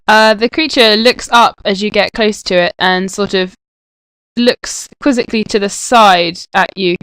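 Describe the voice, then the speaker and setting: A woman's voice: mid-range voice, unhurried, a bit bright, clear, resonant tone, dry recording, rough recording. A woman narrating a tabletop game as game master, descriptive and full of hesitant fillers.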